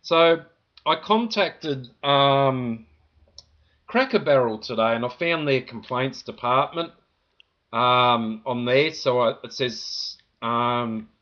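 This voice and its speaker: A man's voice: medium pitch, slow, highs cut off. Indignant Australian man, rambling complaint. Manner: indignant, rambling, full of "you know" fillers. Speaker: vlogger.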